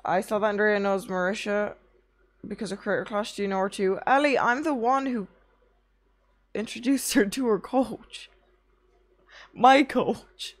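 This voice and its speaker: A woman's voice: mid-range voice, fairly even intonation, a little slow, long pauses. A young woman streaming, chatting casually with her chat, tired from little sleep, rambling through anecdotes and swearing often.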